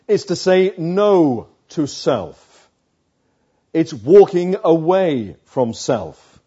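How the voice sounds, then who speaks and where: A man preaching a sermon, slow and emphatic, with dramatic pauses between phrases. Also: on the high side, very animated, warm tone, husky, lo-fi sound.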